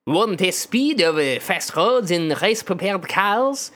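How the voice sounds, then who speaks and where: A man voicing a pompous French race chairman in an exaggerated put-on French accent, reading slowly and haltingly. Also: high-pitched, lively intonation, fairly bright tone. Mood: explaining. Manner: slow, halting, over-enunciated reading.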